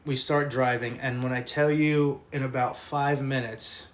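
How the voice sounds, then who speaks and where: A man's voice: mid-range voice, steady tone, measured pace. A man telling a rowdy anecdote in casual talk, laughing often and swearing freely.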